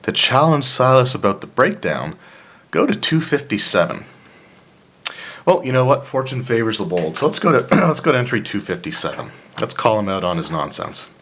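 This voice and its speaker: A man with a very deep voice reads a solo tabletop horror gamebook aloud. He reads the choices and narration and drops in casual, joking asides. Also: big pitch swings, normal speed, fairly bright tone. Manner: casual, with asides and throat-clearing. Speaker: player of a solo tabletop adventure.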